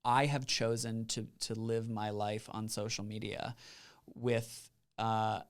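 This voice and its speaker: A man's voice: fairly low pitch, level tone, slow. A man hosting a podcast, a parent, chatting casually with a guest in a bold, upbeat, in-your-face manner. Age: adult, a parent. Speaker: podcast host. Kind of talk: casual interview chat.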